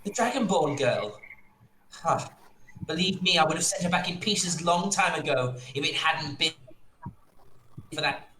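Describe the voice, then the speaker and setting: A woman's voice: sits low, lively intonation, a little slow, pauses often, roomy sound, background noise. A man voicing a scornful, cold female cult leader who talks down to intruders, in a tabletop game. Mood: sneering. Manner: sneering, commanding.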